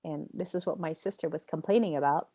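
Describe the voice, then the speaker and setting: This yoga instructor talks fast in a low, mellow, husky voice while running a live online training class. She's emphatic and conversational, repeating phrases for impact and answering typed questions from students by name.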